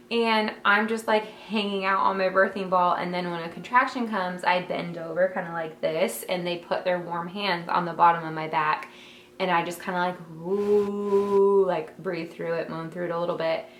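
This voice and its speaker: A young woman chats to the camera from her bedroom, telling a story in an easy, emotional way. She fills her speech with "like" and "um". The room adds a clear echo, with a faint hum of ambient noise behind her. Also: lowish voice, flat delivery, normal speed, a bit bright. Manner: chatty, many fillers like "like" and "um"; emotional, heartfelt.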